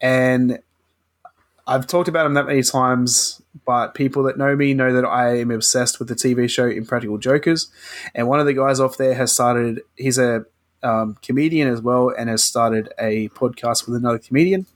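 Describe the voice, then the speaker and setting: A young Australian man chats as a podcast co-host at a mid pitch. He speaks in a quick, friendly, conversational manner. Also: fairly even intonation. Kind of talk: casual podcast chat.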